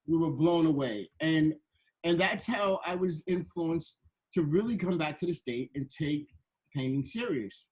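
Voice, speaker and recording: A man telling a playful, animated story to children, slipping into voices as he goes, on a video call. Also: on the high side, a little slow, rough recording. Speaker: guest illustrator and storyteller.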